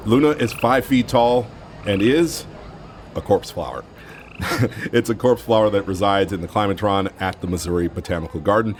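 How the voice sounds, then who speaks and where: A man hosting a radio talk show, reading an introduction and asking an interview guest questions in a measured way. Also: on the low side, slight background noise. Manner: measured, friendly questioning with brief backchannels. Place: radio studio.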